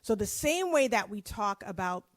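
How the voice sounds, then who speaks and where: A woman's voice: medium pitch, big pitch swings, normal speed, no echo. Conversational woman giving a motivational keynote. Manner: conversational with playful asides. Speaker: keynote speaker.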